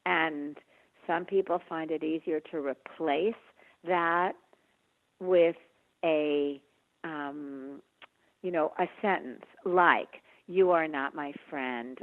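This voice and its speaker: Slow, soft-spoken woman on a phone line. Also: deep voice. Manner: slow, gentle, soft-spoken, with many pauses. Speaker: author and guest on a health podcast. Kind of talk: reflective interview answers. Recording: tinny phone-line sound.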